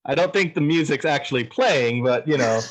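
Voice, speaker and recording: A man's voice: fairly high pitch, lively intonation, a little fast, rough recording. A man playing a tabletop wrestling game, describing his character's actions in a hesitant, rambling way. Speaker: player.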